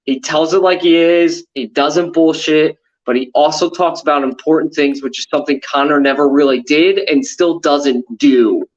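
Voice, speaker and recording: A man's voice: a little high, steady tone, normal speed, hardly any pauses, lo-fi sound. A man talking casually and animatedly as a panelist on a sports show, rambling with restarts. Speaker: podcast panelist.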